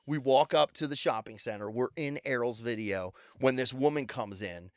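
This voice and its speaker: A man's voice: medium pitch, moderate pace, smooth, no room sound. A man on a podcast spinning casual stories and slipping into quoted voices as he goes. His voice sits in the middle of the male range and is recorded close and dry. He talks loosely, as a guest chatting with a host. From Baltimore. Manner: animated storyteller acting out quotes. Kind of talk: casual storytelling.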